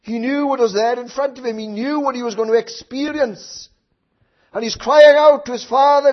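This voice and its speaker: A man preaching a sermon who swings from hushed asides to loud impassioned outcries, with many rhetorical questions to his listeners. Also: very high voice, moderate pace. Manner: tag questions and rhetorical questions to the congregation. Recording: dull lo-fi recording.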